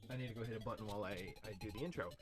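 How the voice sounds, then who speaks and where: A man's voice: fairly low pitch, racing. A man hosting a casual livestream, talking in a rambling, chatty way and interrupting himself often. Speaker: livestream host. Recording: game and music audio playing behind.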